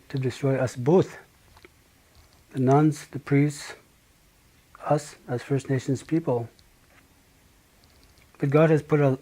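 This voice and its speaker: A middle-aged man from Manitoba giving a personal testimony, speaking slowly and haltingly with many pauses and restarts. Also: on the high side, mellow. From Manitoba, Canada. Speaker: speaker sharing his life story.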